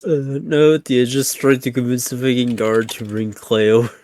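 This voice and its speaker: A man's voice: mid-range voice, little pitch movement, normal speed, darkish tone. A man playing a tabletop game, casual and cursing freely. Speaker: player.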